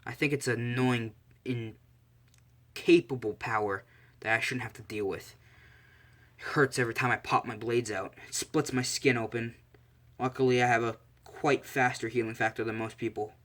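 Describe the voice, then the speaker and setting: A man voicing a calm, stern young male assassin who lectures his class bluntly, in a casual fan story. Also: mid-range voice, normal speed, close to an everyday voice. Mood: matter-of-fact.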